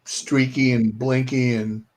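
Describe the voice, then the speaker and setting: A man in a casual movie chat, soft-spoken and thoughtful. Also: medium pitch, little pitch movement, slow, a crowd in the background.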